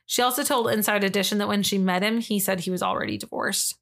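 A woman's voice: mid-range voice, steady tone, fast talker, creaky. A woman co-hosting a true-crime podcast, reading case details in a casual way and adding blunt, disgusted opinions. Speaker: podcast co-host.

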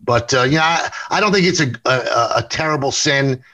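A middle-aged sportscaster and interview show host with a New York accent appears as a guest in a casual interview, speaking in a bright, forceful, mid-range voice. He tells stories, often repeating words and quickly correcting himself. The recording is rough.

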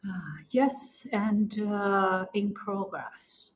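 A woman's voice: mid-range voice, a little hiss or hum, low-quality recording. Woman with a Chinese accent. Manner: non-native English, halting with restarts, laughs often. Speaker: architect, interview guest. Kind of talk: conversational interview answer.

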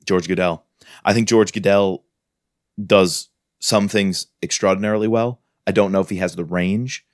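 Deep-voiced man gushing over a book. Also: fairly even intonation, moderate pace, no echo, studio quality. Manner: enthusiastic, reads quotes aloud. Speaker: podcast co-host. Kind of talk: casual book review chat.

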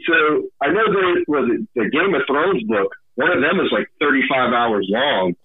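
A man's voice: mid-range voice, lively intonation, normal speed, slightly rough. A man who narrates audiobooks, a podcast guest talking candidly and with self-deprecating humor. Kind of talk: casual podcast conversation. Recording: tinny phone-like line.

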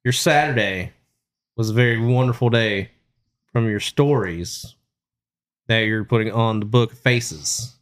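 A man's voice: fairly low pitch, unhurried, long pauses. Teasing man hosting a podcast. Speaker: podcast host. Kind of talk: casual chat.

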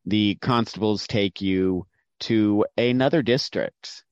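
A man narrating as game master for a tabletop game, measured and descriptive with occasional fillers. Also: on the low side, clear, resonant tone, no room sound. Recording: dull dry lo-fi sound.

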